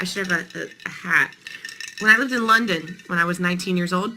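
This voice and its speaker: A woman's voice: fairly low pitch, brisk, sharp tone, slight background noise, low-quality recording. A woman in her thirties hosting a casual morning live stream, chatting playfully with viewers while her voice sounds tired.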